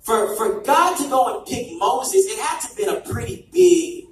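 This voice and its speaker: A man preaching in an energetic storytelling way to a young crowd, restarting phrases and shouting for emphasis. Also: extremely high pitch, moderate pace. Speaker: church youth preacher. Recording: echoey hall, distant mic, background noise.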